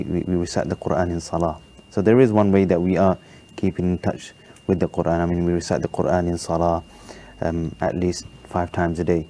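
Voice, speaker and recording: A male judge with a very low, dark voice. He answers thoughtfully, pausing and hesitating as he works through his points. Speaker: competition judge. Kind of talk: answering on a studio panel.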